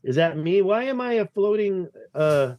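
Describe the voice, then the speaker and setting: A man from the United States talking in a rambling, excitable way as a podcast guest over a video call, swearing casually. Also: sits high, normal speed, dry recording.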